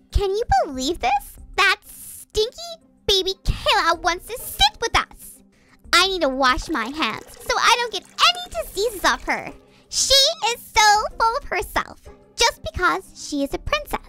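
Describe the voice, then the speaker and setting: A woman's voice: extremely high pitch, very animated, unhurried, music in the background, exaggerated voice. A woman voicing a bratty schoolgirl bully who sneers and taunts in a Minecraft role-play. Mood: sneering.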